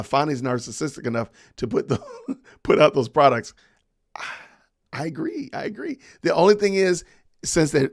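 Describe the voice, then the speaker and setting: A man's voice: mid-range voice, vocal fry, dry recording, studio quality. A man hosting a podcast livestream, chatting casually and reading viewer comments aloud with frequent laughs. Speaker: podcast host.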